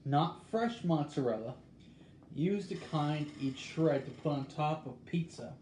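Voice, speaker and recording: Slow, musing man in an echoey room. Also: fairly high pitch. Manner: halting, musing, thinks out loud. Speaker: host. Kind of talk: casual talk, reading a recipe aloud. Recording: echoey room with faint background noise.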